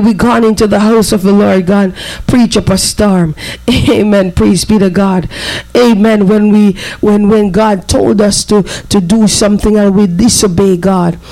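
A man's voice: extremely high pitch, gravelly, a little mellow, low-quality recording. A man preaching a fervent sermon, breaking in often with amen and praise be to God.

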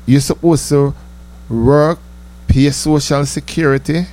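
A man, telling stories in a casual, animated monologue that he breaks with laughs. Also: slow. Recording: low mains hum.

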